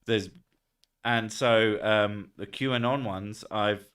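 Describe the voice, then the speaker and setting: A man's voice: fairly low pitch, steady tone, slow pace, fairly bright tone, recorded from a distance. Sweary man chatting on a stream. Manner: sweary, laughing, rambling. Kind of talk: casual livestream chat.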